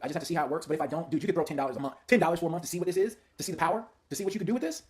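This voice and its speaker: A man casually walking viewers through a demo of software he built, chatty and hyped, talking straight to his audience. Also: on the high side, racing. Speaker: software creator demoing his own tool. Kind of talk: casual screen-share product demo.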